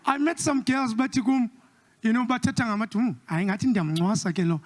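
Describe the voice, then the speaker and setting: A South African man performs stand-up with a distinctly high-pitched voice and a South African accent. He jumps between English and Xhosa, putting on quick impressions of the people in his stories. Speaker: comedian. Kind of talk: stand-up comedy.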